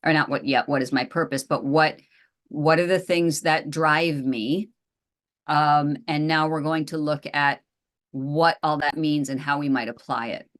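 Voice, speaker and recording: A woman with a low, steady voice leads an online group class as the therapist. She talks informally and encouragingly, reflecting back what participants share. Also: a little slow. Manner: encouraging, informal, hums a tune. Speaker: host and therapist leading a class.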